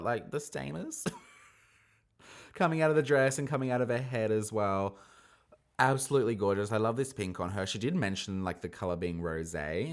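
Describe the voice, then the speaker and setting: A man with a fairly low speaking voice hosts a casual review podcast. He chats in a gossipy, animated way and jumps into loud, high squeals when something excites him. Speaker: podcast host reviewing a drag competition.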